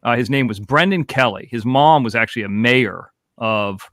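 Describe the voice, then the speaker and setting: A man's voice: mid-range voice, normal speed, fairly bright tone, no echo, clean studio sound. A man in his forties from Florida, a podcast host telling rambling, profane stories in casual chat. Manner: rambling, profane, laid-back.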